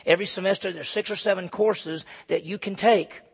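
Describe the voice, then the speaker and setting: A man's voice: sits high, steady tone, a little fast, vocal fry, slightly rough. A man preaching a sermon as pastor, reading scripture aloud and explaining it, repeating phrases for emphasis. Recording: long hall reverb.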